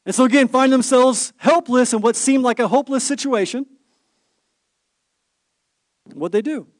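A man's voice: extremely high pitch, normal speed, no echo, studio quality. A pastor in his thirties preaching a sermon, telling stories with rhetorical questions and playful asides.

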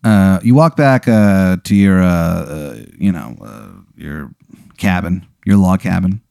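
A man's voice: deep voice, animated, slow, gravelly, mellow, dry recording, clean studio sound. A man running a tabletop game as game master, narrating scenes animatedly with crude humor.

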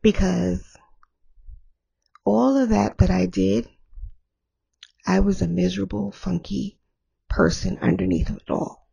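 Hoarse woman podcast host, slow and raspy, candid and rambling. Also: mid-range voice, fairly even intonation, dark tone, muffled recording. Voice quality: gravelly. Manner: candid, rambling, laughs often. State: hoarse after illness. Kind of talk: candid solo podcast talk.

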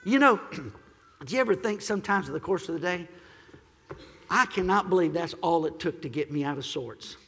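A man preaching a sermon as pastor, swinging from shouted praise to quiet, gentle teaching. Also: sits high, fairly quick, gravelly, long pauses, slightly rough, big-room sound.

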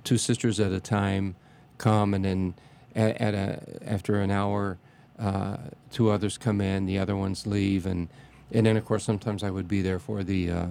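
Low gravelly man, halting and reverent. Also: level tone, darkish tone. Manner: halting, many restarts and fillers, reverent. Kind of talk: casual reminiscing interview.

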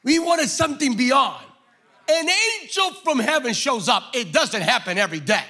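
A man preaching a sermon, acting out the scripture voices and shouting for emphasis. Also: extremely high pitch, very animated, moderate pace. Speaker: pastor.

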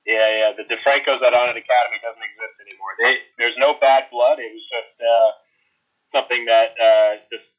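A man's voice: medium pitch, steady tone, brisk. An American man, a strength coach, chatting easily as a guest, often repeating his words. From United States. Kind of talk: casual interview. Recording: tinny phone line.

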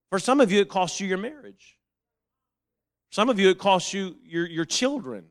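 A man preaching a sermon, reading and quoting scripture and repeating phrases, moving from quiet reasoning to loud, fervent calls. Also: sits high, lively intonation, moderate pace, long pauses.

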